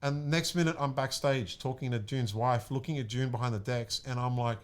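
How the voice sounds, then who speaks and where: A young man from Australia, telling an excited story in a casual chat and acting out what people said. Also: medium pitch, fairly quick. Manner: excited, animated, acts out quotes. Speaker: guest, music producer.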